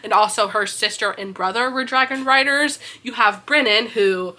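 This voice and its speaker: A young woman hosting a book podcast, excitedly recapping a fantasy novel in a casual, animated storytelling manner. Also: fairly high pitch, normal speed.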